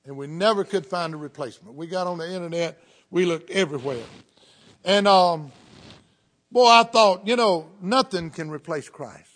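The voice is high-pitched and fairly bright, moving at a normal speed, from a middle-aged man with a Southern US accent. In his sermon he tells folksy tales and fervently breaks in with amens and praise.

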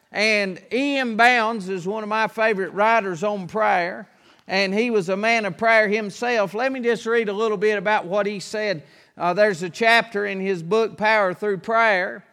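A man preaching a sermon, reading scripture aloud and slowing down, louder, on the verses. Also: sits high, in a large hall.

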